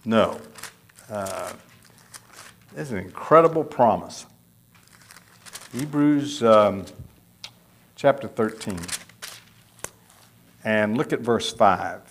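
A man preaching a sermon, emphatic, stretching out and repeating key phrases. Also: mid-range voice. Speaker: pastor.

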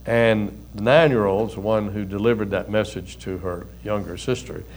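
An older man who works as a pastor and counselor delivers a conversational sermon at a moderate pace, his fairly low voice punctuated by folksy stories and soft chuckles.

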